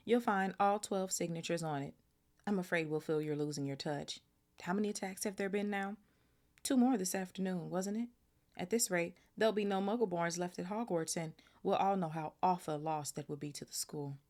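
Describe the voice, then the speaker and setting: A woman voicing a cold, sneering aristocratic wizard man with a breathy, half-whispered delivery. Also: on the low side, a little fast, a little mellow, pitched above the performer's own voice, natural voice. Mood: smooth.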